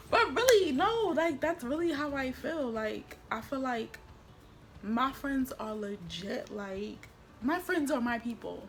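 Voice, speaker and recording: Faint music sits behind a young woman's high, expressive voice as she vlogs at home at a measured pace. It's a casual, slangy chat that turns emotional, and now and then she is quietly tearful.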